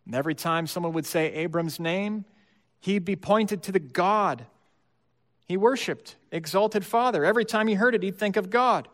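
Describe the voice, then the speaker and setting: A man preaching a sermon, moving between hushed asides and emphatic repeated lines. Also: high voice, moderate pace. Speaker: pastor. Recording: long hall reverb.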